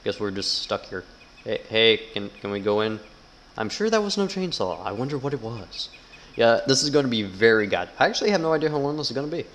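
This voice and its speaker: A man's voice: medium pitch, very animated, a little fast, fairly bright tone, poor audio. A man giving casual, sarcastic gameplay commentary, swearing a lot and reading game text aloud. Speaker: gamer.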